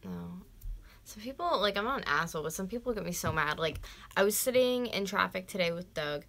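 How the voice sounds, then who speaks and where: A woman's voice: on the low side, animated, fairly quick, vocal fry, a bit bright. A woman in her twenties from North America, chatting casually on a live stream, ranting and swearing with lots of "like" and dropping to whispers at times. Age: 20s. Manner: ranting, swears freely, fillers like "like". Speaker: vlogger.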